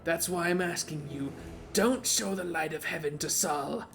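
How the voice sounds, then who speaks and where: A man voicing a blunt, raspy, witch-like female ranger while reading game dialogue aloud. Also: fairly high pitch, normal speed, a bit bright, a little hiss or hum. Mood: stern.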